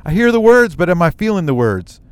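Emotional, animated American man telling a story. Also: high-pitched, a little fast, clear, resonant tone. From United States. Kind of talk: personal storytelling monologue.

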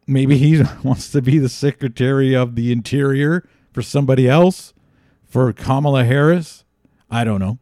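Man, podcast host, sarcastic political rant, mellow dark voice, dry close sound, rambling restarts. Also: medium pitch, moderate pace, dry recording.

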